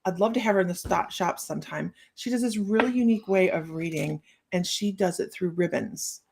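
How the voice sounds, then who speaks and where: A woman's voice: lowish voice, brisk, creaky, noisy background. Giggly woman hosting a live stream. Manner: giggly, chatty, laughs often between remarks; playful, teasing delivery of cheeky card lines. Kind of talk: casual live-stream chat.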